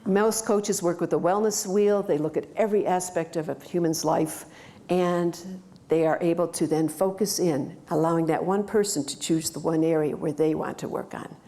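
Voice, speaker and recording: Low-voiced woman giving a brisk conference talk. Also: dark tone. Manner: brisk, instructive, upbeat. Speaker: conference speaker. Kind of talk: presentation talk. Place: conference in Aspen, Colorado.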